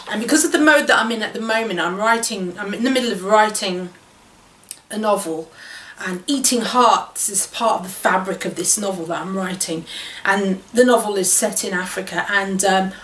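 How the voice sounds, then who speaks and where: Woman vlogger, casual and enthusiastic, slow and a little high, distant echoey mic. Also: a bit bright, a little hiss or hum. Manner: enthusiastic, restarts sentences often. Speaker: vlogger and writer. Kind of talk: casual chat to camera. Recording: roomy echo, distant mic.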